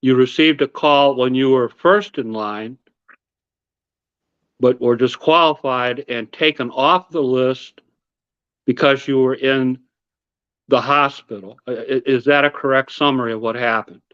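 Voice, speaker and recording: A man's voice: medium pitch, fairly even intonation, measured pace, fairly bright tone, clear, resonant tone, no echo. A man hosting a live interview, reading careful summaries before asking his questions. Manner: reads careful summaries, then asks. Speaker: host. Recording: dull, dry sound.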